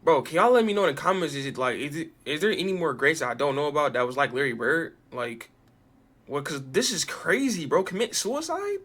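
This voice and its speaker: A man's voice: fairly high pitch, big pitch swings, brisk, a bit bright. A man hosting a reaction video, reacting with slang and disbelief. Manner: incredulous slang, says "bro" a lot. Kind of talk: casual reaction commentary.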